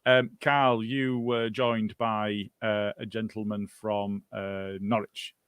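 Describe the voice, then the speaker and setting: A man's voice: lowish voice, flat delivery, slow, a bit bright, clear, resonant tone, dry recording, clean studio sound. A man co-hosting a football podcast, chatting casually and putting questions to his co-hosts. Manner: conversational, asks co-hosts questions. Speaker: podcast co-host.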